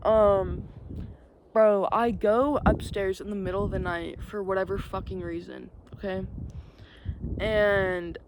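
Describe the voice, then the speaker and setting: A woman's voice: mid-range voice, fairly even intonation, unhurried. A young woman telling a story in casual, rambling chat, swearing freely and leaning on fillers, outdoors with wind. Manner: rambling, profane, filler-heavy. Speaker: vlogger. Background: wind and passing vehicles.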